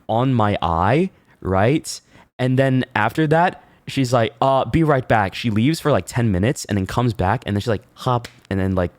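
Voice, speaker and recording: A man streaming, telling a story in casual chat, animated and laughing, swearing freely with many fillers. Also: medium pitch, dry recording.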